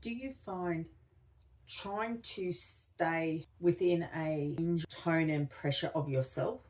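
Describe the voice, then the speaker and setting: A woman co-hosting a podcast, reflecting slowly and thoughtfully in casual conversation. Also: low voice, darkish tone, far from the mic. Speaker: podcast co-host.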